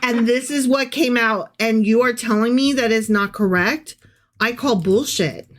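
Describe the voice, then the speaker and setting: A woman's voice: fairly high pitch, measured pace. Playful, sarcastic woman co-host. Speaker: podcast co-host. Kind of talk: casual comedic chat.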